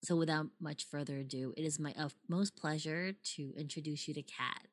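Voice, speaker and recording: A middle-aged woman hosting a podcast, with a slow, deliberate announcer delivery. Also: low voice, steady tone. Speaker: podcast host. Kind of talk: scripted intro then casual chat.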